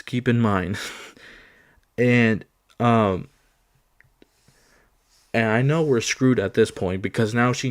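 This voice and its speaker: A man's voice: medium pitch, clear, resonant tone. A young man casually telling a story from his school days, laughing often and acting out the lines of the people in it.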